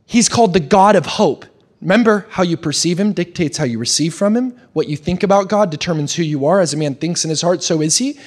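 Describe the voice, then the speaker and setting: A young man preaching a sermon, animated, with quick restarts and questions put to the congregation. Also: high voice. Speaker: pastor.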